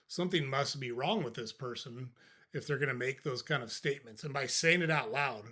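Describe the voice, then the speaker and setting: Older male podcast host, bright, forceful tone, dry and matter-of-fact, casual advice delivery. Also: mid-range voice, a little fast. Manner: conversational, dry, acts out sample replies.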